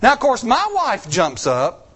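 A man's voice: very high voice, huge pitch swings, a little slow, a bit bright, slight background noise. A middle-aged man preaching a story-filled sermon, acting out quotes in shifting voices.

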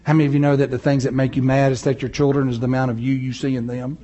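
A man preaching a sermon, moving between loud, rising passages and low, slow, soft ones, chuckling often. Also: level tone, muffled recording. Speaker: pastor.

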